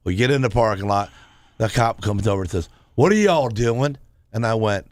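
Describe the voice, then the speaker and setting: A radio co-host tells a story in a lively way, jumping up in pitch to act out other people's lines. His voice sits in a middle male range. The studio sound is dry and close. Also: brisk, dry recording. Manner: animated, acts out quotes with big pitch jumps. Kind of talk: casual radio talk, storytelling. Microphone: studio microphone.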